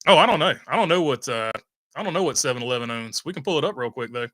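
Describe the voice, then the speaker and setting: A man's voice: medium pitch, lively intonation, fast talker, pushed and bright, no echo. A man hosting a casual livestream, reading out viewer comments and rambling with lots of "uh" fillers. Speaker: host reading live chat.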